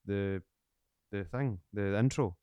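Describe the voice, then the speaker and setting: A man's voice: lowish voice, takes it slowly, darkish tone, clean tone, no echo, clean studio sound. A man hosting a podcast, cheeky and teasing, swearing casually as he chats. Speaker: podcast host.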